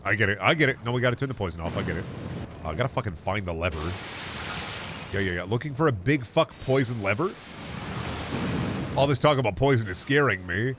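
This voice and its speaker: A man's voice: lowish voice, expressive, a little fast, long pauses, a bit bright, a little hiss or hum. A young man casually commenting on a game stream, rambling, jokey and profane. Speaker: gaming streamer.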